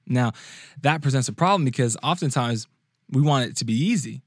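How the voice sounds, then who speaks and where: A man's voice: normal speed, no room sound, clean studio sound. Young man preaching casually. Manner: conversational, restarts often, acts out quotes in a higher sung voice. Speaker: youth preacher and podcast host. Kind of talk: casual sermon-style talk.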